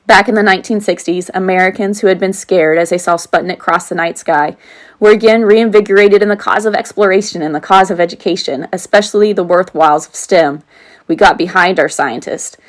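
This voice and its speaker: A teacher in her forties narrates her own audiobook in a voice a little low for a woman. She reads earnestly but occasionally breaks off into casual, off-script asides before returning to the text.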